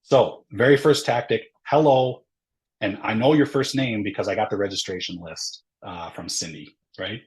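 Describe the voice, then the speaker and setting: Man, fairly low voice, webinar presenter, casual explanations, frequent tag questions. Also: normal speed, darkish tone, poor audio. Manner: explains step by step with ums and uhs. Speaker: workshop presenter. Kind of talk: webinar lecture.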